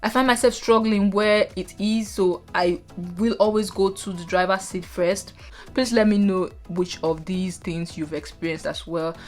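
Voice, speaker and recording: Nigerian woman vlogger, lower register, talks straight to camera over soft background music. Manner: chatty, animated asides to viewers. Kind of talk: casual talking-head vlog.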